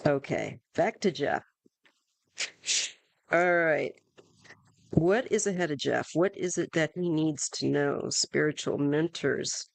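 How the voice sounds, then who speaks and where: A woman's voice: sits low, no room sound. A woman doing a casual live-stream tarot reading, chatty and rambling, with asides and fillers. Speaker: tarot reader. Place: home in Northern California.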